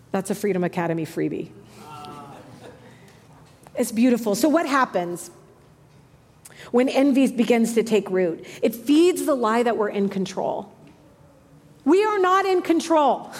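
A woman in her thirties preaching a sermon with passion, moving between hushed, soft lines and emphatic ones. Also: high voice. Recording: long hall reverb.

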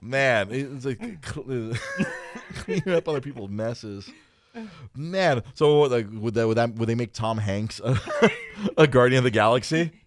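A man's voice: mid-range voice, lively intonation, a little slow, dry recording, clean studio sound. A man co-hosting a casual podcast chat, joking around and slipping into silly voices. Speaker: podcast co-host.

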